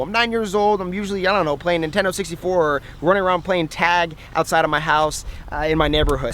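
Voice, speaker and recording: Chatty high-voiced young man outdoors. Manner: animated, chatty, laughs at himself. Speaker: fitness vlogger. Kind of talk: casual storytelling to camera. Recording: faint outdoor noise.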